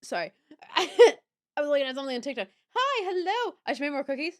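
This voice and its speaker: A young woman chatting casually on a live stream, bubbly and swinging between quiet mumbling and squealed greetings. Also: high voice, very animated, quick pace. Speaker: livestreamer.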